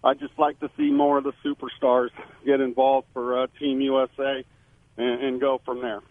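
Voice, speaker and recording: A man's voice: mid-range voice, level tone, normal speed, slight background noise. Man on a tinny phone line. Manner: emphatic, rambling with frequent restarts. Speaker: former baseball player, radio guest. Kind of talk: sports radio call-in analysis.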